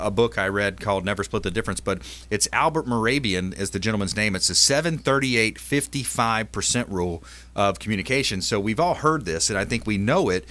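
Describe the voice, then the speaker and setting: An upbeat male radio host chatting casually with his guests in a salesy way. His voice is bright and forceful, pitched a little low. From Tampa Bay area, Florida. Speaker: radio talk show host. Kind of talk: casual radio show chat.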